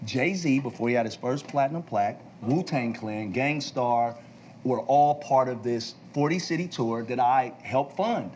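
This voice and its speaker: A man's voice: medium pitch, measured pace, a little mellow, slight background noise, rough recording. A man in his forties on a talk show, telling a long story and acting out the dialogue. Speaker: actor and entrepreneur.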